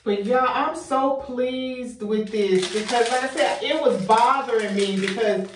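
A woman's voice: fairly high pitch, measured pace, reverberant, far from the mic, slight background noise. A young woman vlogging, chatty and effusive, a little out of breath as she talks to her viewers. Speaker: home organization vlogger. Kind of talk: casual vlog chat. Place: bathroom.

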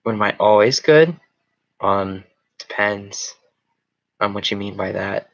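A man's voice: lowish voice, slow pace, highs cut off. A young man hosting a casual live chat with viewers, rambling with many fillers and restarts. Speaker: show host.

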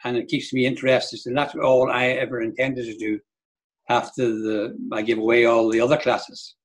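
An older man from Donegal chatting as an interview guest. He talks at a middle pitch and winds through long anecdotes. He often slips into quoting other people mid-story. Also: level tone, normal speed. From Donegal, Ireland. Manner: rambling storyteller who acts out others' lines. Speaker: guest, Irish dance teacher. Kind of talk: casual interview chat.

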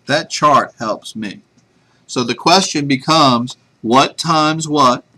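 A man's voice: mid-range voice, pushed and bright. A man teaching a math class, chatty and self-deprecating, telling a joke before getting to the lesson. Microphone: webcam. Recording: faint room noise from a webcam.

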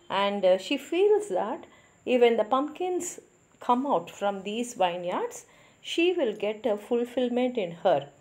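Woman, Indian English accent, teacher, story summary lecture, glosses words, mid pitch. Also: darkish tone. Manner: explains plainly, glossing words for students.

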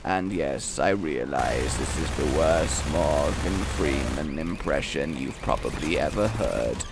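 A man voicing a solemn older male nature-documentary narrator in a slow, hushed, grave manner. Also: very deep voice, lively intonation, heavy background noise, voice pushed down, full character voice.

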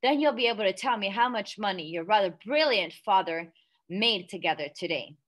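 A woman voicing a pompous, hot-tempered middle-aged father who brags and shouts accusations. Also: medium pitch, lively intonation, fairly quick. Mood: boastful. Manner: boastful, then shouting and accusing.

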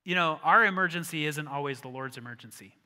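A male pastor preaching a sermon, telling the story with animated acted-out voices and dropping to a hushed voice for emphasis. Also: fairly high pitch, fast talker. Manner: animated storytelling, acts out disciples, drops to a hush for emphasis. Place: church sanctuary. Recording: church hall reverb.

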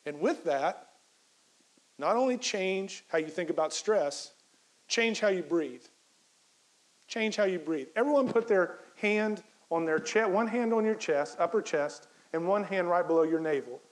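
A man, a professor, giving an energetic motivational keynote talk, repeating key phrases for emphasis and coaching the audience through a breathing exercise. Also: high-pitched, a little slow, rough recording.

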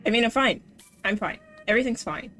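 A woman's voice: on the high side, lively intonation, brisk, fairly bright tone. A woman streaming a video game, chatting casually and swinging between mock panic, swearing and sarcastic cheer. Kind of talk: casual gameplay commentary. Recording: game music behind the voice.

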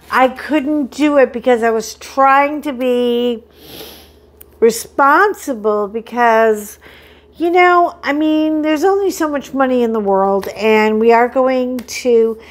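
Chatty, excitable woman host, slow and high. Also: slight background noise. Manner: chatty, excitable, self-deprecating. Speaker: crafting vlog host. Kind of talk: casual chat while unboxing.

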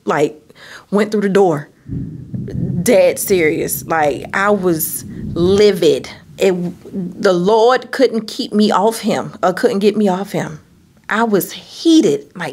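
A woman with a gravelly, fry-edged voice tells a dramatic story to the camera. Her delivery is animated, with frequent asides to her viewers. She acts out quotes with sudden high-pitched bursts. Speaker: vlogger telling a personal story. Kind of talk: storytime vlog.

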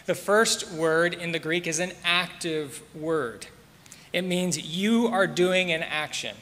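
Male pastor, measured sermon delivery with repeated words, bright tone, long church reverb. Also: on the high side. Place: church sanctuary.

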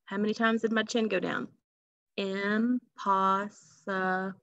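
Woman, phonics teacher, patient, gravelly, dry close sound. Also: on the high side, fairly even intonation, dry recording. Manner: slow, patient, drawing out sounds and asking questions. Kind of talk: phonics lesson for children. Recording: dull lo-fi recording.

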